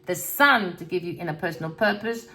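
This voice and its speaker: A woman's voice: on the low side, lively intonation, a little fast, bright, forceful tone. Blunt, scolding woman tarot reader. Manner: blunt, preachy and scolding, with swearing and many repeated words. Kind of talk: collective tarot reading monologue.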